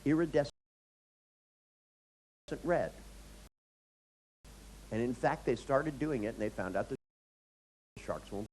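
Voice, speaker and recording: A man's voice: medium pitch, expressive, slow pace, pauses often, a little mellow, a little hiss or hum, rough recording. A man performing a profane, ranting stand-up comedy monologue.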